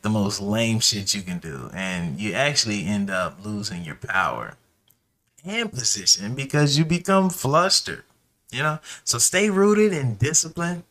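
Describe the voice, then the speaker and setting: A man riffing alone on his podcast in a loose, cussing, slang-heavy way. His voice is bright and forceful, with a lot of push behind it. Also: mid-range voice. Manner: animated, profane storytelling with slang and asides. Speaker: podcast host. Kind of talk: casual solo podcast monologue.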